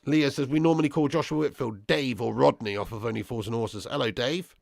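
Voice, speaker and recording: Reading out live chat during a football watch-along he hosts, a young man trades swearing banter and calls viewers lad and bro. He speaks briskly in a darkish, mid-range voice with vocal fry. The audio is studio quality, without echo.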